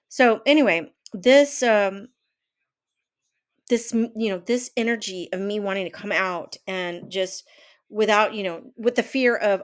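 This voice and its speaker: A woman's voice: mid-range voice, normal speed, clear, resonant tone. A woman in her fifties talking casually to camera from her home office, rambling with many fillers and restarts. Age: 50s. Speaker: vlogger and life coach.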